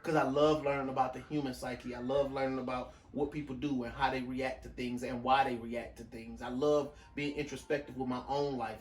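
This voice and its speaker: A man's voice: medium pitch, flat delivery, brisk, few pauses. A man co-hosting a podcast in casual chat, rambling with frequent restarts and loose slang. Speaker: podcast co-host. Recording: echoey room, mic at a distance, faint room noise.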